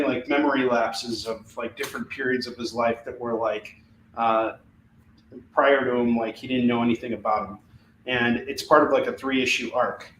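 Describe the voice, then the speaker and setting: A man's voice: mid-range voice, fairly bright tone, reverberant, recorded from a distance, slight background noise, rough recording. A man with a Chicago accent hosting a casual live sale of comic books, with rambling, upbeat salesman patter. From Chicago, US Midwest. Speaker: host selling comic books. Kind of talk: casual live-selling chat.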